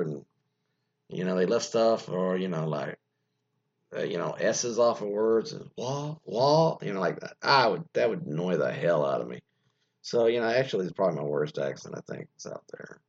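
A man hosting a radio show, rambling casually, often interrupting himself and swearing freely as he comments on what he reads. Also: low-pitched. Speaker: show host. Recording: dull lo-fi recording.

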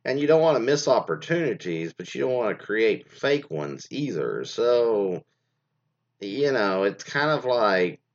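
Brief: a low-pitched man, animated and digressive, chatting through story readings on a dull lo-fi mic. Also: a little slow. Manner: rambling, filler-heavy, digressive. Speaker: commentator reading stories aloud. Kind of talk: rambling casual commentary.

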